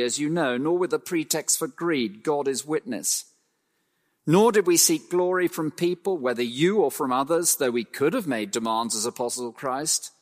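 A man preaching an expository sermon, emphatic, slowing to stress phrases and swinging his pitch widely. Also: big-room sound.

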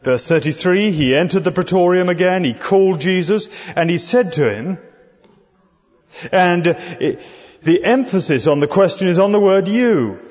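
This preacher has a high, expressive, slightly mellow voice and speaks at normal speed. He explains scripture in a conversational sermon full of rhetorical questions, heard through a dull recording in an echoing hall.

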